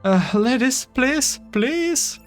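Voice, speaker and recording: A man voicing a flustered female manager who hurriedly tries to calm an argument. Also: very high voice, faint music behind, voice pushed up, heavily acted. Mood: placating. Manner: placating, hurried.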